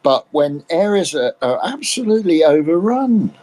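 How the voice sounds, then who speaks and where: An older man in a casual political chat, talking haltingly with many restarts and repeated words. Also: a little high, sing-song, a little mellow. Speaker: discussion panelist.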